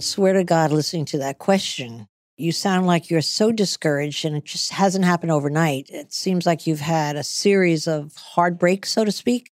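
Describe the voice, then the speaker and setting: A woman's voice: on the low side, darkish tone, no room sound, studio quality. A middle-aged woman hosting an advice show, blunt and emphatic as she coaches callers. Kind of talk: business advice talk.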